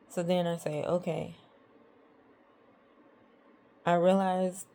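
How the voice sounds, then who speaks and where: Woman, casual storytime vlog, rambling, exasperated, low-pitched, mellow tone. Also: vocal fry. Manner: rambling, exasperated retelling of an argument. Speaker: vlogger.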